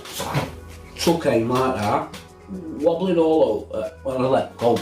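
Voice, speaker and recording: A man's voice: medium pitch, expressive, unhurried, roomy sound, over music. A man, a fishing vlogger telling a rambling, swearing anecdote with lots of restarts. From England. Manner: swearing, laughing anecdote teller with many restarts. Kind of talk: casual storytelling.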